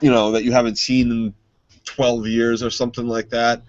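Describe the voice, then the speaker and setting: A man's voice: medium pitch, level tone, normal speed, no room sound, highs cut off. A man co-hosting a podcast who gives heated, emphatic opinions full of swearing in casual chat. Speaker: podcast co-host.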